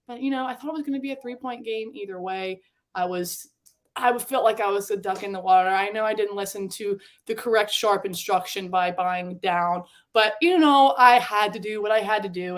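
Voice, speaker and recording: A woman's voice: medium pitch, a bit bright. A young woman in her twenties, hosting a casual sports betting chat, candid and chatty, swearing freely. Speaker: sports betting show host.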